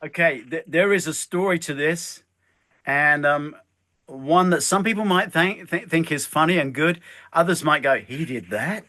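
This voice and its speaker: A man's voice: fairly high pitch, moderate pace. An older man, a guest telling stories in an interview and acting out the lines he quotes. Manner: animated, acts out quoted lines. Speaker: guest, stuntman and filmmaker. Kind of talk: storytelling interview chat.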